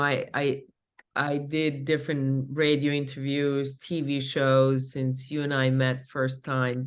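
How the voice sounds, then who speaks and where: A woman in her forties from Bosnia, speaking as a professor and interview guest, earnest and thoughtful, pausing often on small fillers. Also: extremely low pitch. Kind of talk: casual interview talk.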